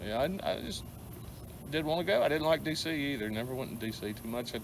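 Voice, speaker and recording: A middle-aged man with a Southern American accent rants angrily to the camera as a vlogger, rambling and stumbling over repeated words. His medium-pitched voice is expressive and fast, with vocal fry and noise in the background.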